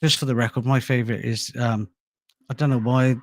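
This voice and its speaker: A man's voice: medium pitch, steady tone, a little fast, no echo. A middle-aged man hosting a casual live stream, rambling and self-deprecating, often breaking into laughter. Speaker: host and channel producer.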